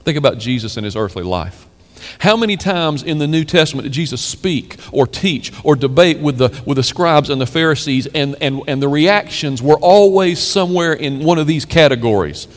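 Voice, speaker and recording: A man's voice: on the high side, expressive, normal speed, long reverb tail. A man preaching a sermon as pastor, building to emphatic peaks and asking rhetorical questions of the congregation.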